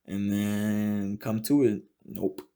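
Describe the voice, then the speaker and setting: A young man hosting a casual podcast, rambling and swearing constantly, full of fillers and often dropping to a low mutter. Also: little pitch movement, slow, mellow, clean tone. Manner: rambling and heavily profane, with many fillers. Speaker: podcast host.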